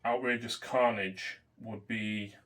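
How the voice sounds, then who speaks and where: A man's voice: on the low side, fairly even intonation, takes it slowly, fairly bright tone, a little hiss or hum. A man playing a tabletop wargame, methodically talking through rules and dice rolls in casual commentary. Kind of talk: casual commentary over a game.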